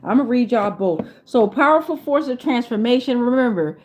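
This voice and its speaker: Woman, higher voice, tarot vlogger; loose and profane, laughs easily. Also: lively intonation, brisk. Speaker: tarot reader. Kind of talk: casual tarot reading vlog.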